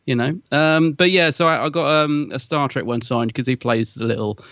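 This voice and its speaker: A man's voice: mid-range voice, moderate pace, fairly bright tone, dry recording. A man chats easily as a podcast co-host, spinning long stories and laughing often. The sound is dry and a little muffled, like a modest home setup. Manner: chatty storyteller, laughs often. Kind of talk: casual chat. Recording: dull, muffled audio.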